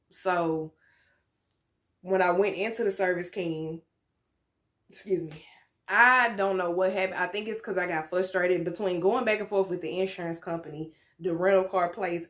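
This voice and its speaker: A woman's voice: on the low side, a bit bright. A young woman telling a frank, candid story in a casual vlog, swearing freely and laughing now and then. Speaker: vlogger. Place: home room with lights.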